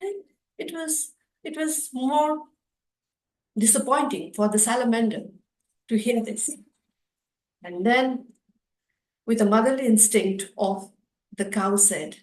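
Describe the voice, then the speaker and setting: A woman storyteller telling a children's story at a festival session, expressive and repetitive, with some fillers. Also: mid-range voice, takes it slowly, long pauses, roomy sound, poor audio.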